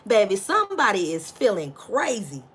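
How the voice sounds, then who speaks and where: A woman's voice: medium pitch, normal speed, husky. A woman giving a casual tarot reading, blunt and profane, talking straight to her viewers in slang. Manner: blunt and profane, chatty and animated; addresses viewers directly in slang. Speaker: tarot reader.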